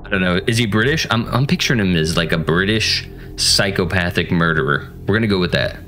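A man's voice: deep voice, expressive, brisk, bright, forceful tone, soft background music. A man casually commentating a horror game, joking and talking to the characters. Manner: jokey, playful, talks to the game characters. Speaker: gaming channel host.

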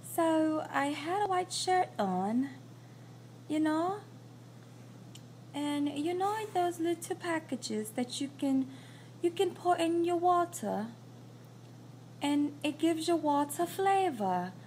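A woman's voice: high-pitched, expressive, takes it slowly, pauses often, darkish tone, a little hiss or hum. A woman putting on a mock-posh British accent. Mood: amused. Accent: put-on British. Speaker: vlogger. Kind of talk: casual vlog chat. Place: at work, on a break. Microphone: phone.

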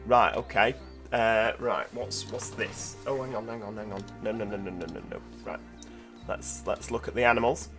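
A man giving casual, chatty commentary while playing a zoo-building game, thinking aloud with lots of fillers, over quiet background music. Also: fairly low pitch, steady tone, normal speed. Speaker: gameplay video host. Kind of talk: casual let's-play commentary.

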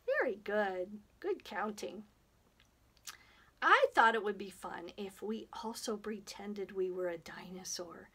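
A woman's voice: mid-range voice, lively intonation, unhurried, fairly bright tone, husky. A woman librarian leading a children's storytime, counting down rhymes in a playful, sing-song way and drawing out words for small children.

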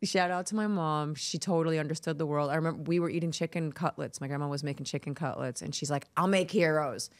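A woman's voice: low voice, quick pace, hardly any pauses, dry recording. A woman, a podcast guest telling stories in a brash, profane way and acting out the people she quotes. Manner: brash, profane storytelling with lively voiced quotes. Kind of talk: casual podcast interview.

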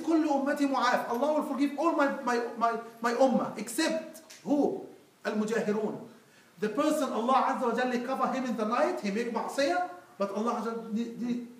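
High-voiced preacher in an echoey mosque. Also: male voice. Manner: earnest, pleading, addresses listeners as brother. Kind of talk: Friday sermon. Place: mosque prayer hall. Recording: echoey hall, mic far off.

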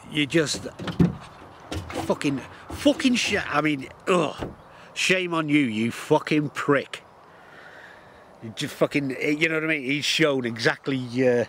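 Man, mid-pitched, ranting to camera outdoors, foul-mouthed and fired up, faint outdoor ambience behind him. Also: a bit bright, a little hiss or hum. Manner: swears constantly, heated and blunt. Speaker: shooting and countryside vlogger. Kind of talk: profane angry rant to camera.

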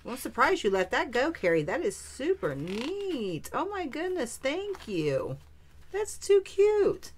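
A woman vlogger with a medium-pitched voice chats casually while unboxing a craft supply swap, gushing with delighted exclamations over every item. There's slight background noise.

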